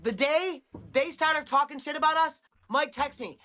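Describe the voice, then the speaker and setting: A woman speaks in a clip played from another stream. Her tone is bright and sharp as she tells a heated story, swearing heavily throughout. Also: sits high, fairly quick. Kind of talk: clip of a casual stream rant.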